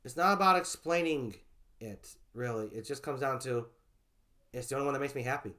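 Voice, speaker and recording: A man chats in a relaxed vlog at an ordinary middle pitch. His sentences drift and trail off as he thinks back. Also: a little fast. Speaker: co-host of a web show vlog. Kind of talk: casual conversational storytelling.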